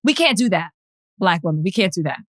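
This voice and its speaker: A woman's voice: lowish voice, very animated, quick pace, no room sound, poor audio. A woman from the American South cohosting a casual podcast, speaking emphatically with strong opinions. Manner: emphatic, opinionated, laughs often. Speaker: podcast co-host. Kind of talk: casual chat.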